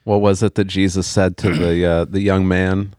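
A man with a very deep voice co-hosts in casual chat, mostly answering with short agreements and amazed reactions. His voice sounds dry and close to the mic. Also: flat delivery, moderate pace, a little mellow, no echo. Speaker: podcast co-host.

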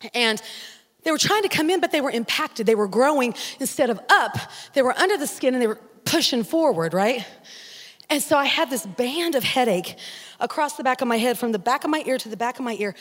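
A woman pastor preaching a sermon, telling a story with dramatic, animated delivery. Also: fairly high pitch. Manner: animated, dramatic retelling with acted-out prayers and voices. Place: church sanctuary. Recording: long church reverb.

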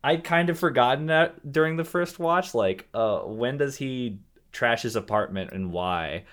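A man's voice: mid-range voice, unhurried, fairly bright tone. A young man chatting casually about a film he rewatched, rambling with lots of fillers and restarts. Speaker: podcast co-host discussing a film. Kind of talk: casual chat.

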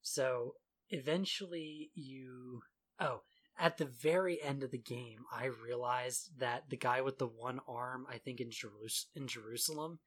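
A man's voice: mid-range voice, measured pace, a bit bright, slightly rough. Sarcastic man in casual gaming chat. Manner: sarcastic, laughs often, mocks voices.

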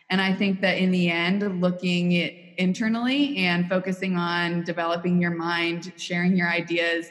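A woman's voice: lowish voice, long reverb tail. Poised young woman, Missouri accent. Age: 20s. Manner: poised, articulate, earnest. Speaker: interview guest, college student. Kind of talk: interview answers.

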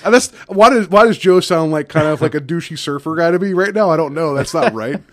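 A man's voice: on the high side, fairly quick, no room sound. A man co-hosting a podcast in casual chat, rambling and upbeat with lots of fillers. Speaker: podcast co-host.

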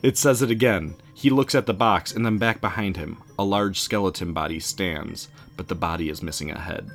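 A man casually retelling a spooky story in an animated way. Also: low voice, normal speed, faint music behind. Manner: casual, animated, laughs along.

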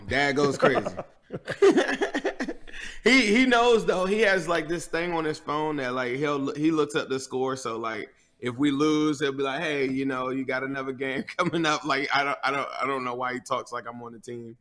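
An American man with a middle-pitched voice chats casually about football as a guest. He's easygoing and rambling, padding his thoughts with fillers. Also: fairly quick, fairly bright tone. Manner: easygoing, chatty, many fillers. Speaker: podcast host guest. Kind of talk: casual sports chat.

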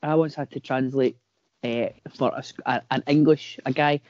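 A man's voice: mid-range voice, steady tone, normal speed, a little mellow, no room sound. A man with a middling voice telling dry, sweary anecdotes on a podcast, often restarting his phrases. The recording sounds dull and lo-fi. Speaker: podcast guest. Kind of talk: casual chat.

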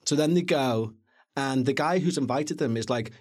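A man co-hosting a podcast, reviewing a film in a chatty, jokey, animated way. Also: mid-range voice, normal speed. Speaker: podcast co-host. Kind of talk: casual film review chat.

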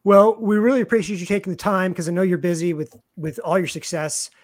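Casual radio host, middle pitched, rambly, stumbles over words. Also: fairly even intonation, quick pace. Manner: rambling, repeats words while thinking aloud. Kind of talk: casual interview hosting.

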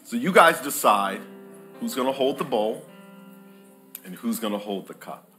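Animated preacher man with a bright voice. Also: mid-range voice, normal speed, soft background music. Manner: playful, jokes with the congregation, calls for responses. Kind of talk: lively sermon with audience call-and-response. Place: church hall with live congregation.

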